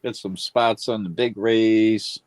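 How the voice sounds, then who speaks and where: A man's voice: lowish voice, fairly even intonation, slow, no echo. A man co-hosting a live stream, speaking in short, laid-back remarks. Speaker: stream co-host running spots. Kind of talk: casual stream chat.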